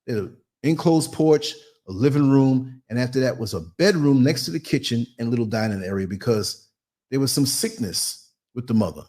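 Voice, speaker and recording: A man with a mid-range voice hosts a live podcast, telling a story with animated, theatrical flair and acting out voices and sound effects.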